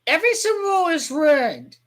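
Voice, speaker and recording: A woman vlogger ranting crudely about football, rambling and heated, with sudden shouting outbursts. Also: high-pitched, very animated, normal speed. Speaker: sports fan vlogger. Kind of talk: profane football rant.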